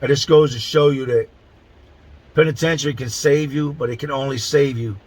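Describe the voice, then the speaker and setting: A middle-aged man from Philadelphia hosts a channel where he tells prison stories casually to the camera. His mid-range voice holds a steady tone at normal speed, and his talk is blunt, profane street language with words stretched out for emphasis. The recording quality is low.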